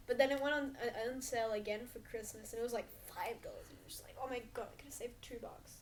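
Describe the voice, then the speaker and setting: A woman's voice: a little high, fairly even intonation, quick pace, a little hiss or hum. A teenage woman co-hosting a podcast, chatting casually with playful, jokey storytelling. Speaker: podcast co-host. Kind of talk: casual chat.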